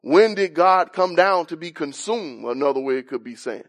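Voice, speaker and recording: A man's voice: on the high side, lively intonation, normal speed. A man preaching a Bible-teaching sermon, explaining a passage and asking questions as he rises in intensity on key points.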